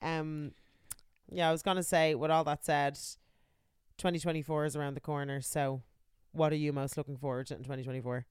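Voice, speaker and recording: A woman's voice: low voice, level tone, fairly quick, a little mellow, smooth, dry recording, clean studio sound. A young woman co-hosting a podcast, chatting in a laid-back, giggly way. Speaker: podcast co-host. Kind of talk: casual chat. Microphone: headphones.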